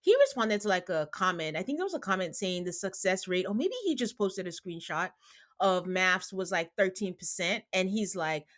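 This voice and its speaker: This podcast host has a lowish voice and a moderate pace as she casually recaps a reality show. She's animated, voicing the people she quotes with put-on impressions, and refers to her listeners as "guys."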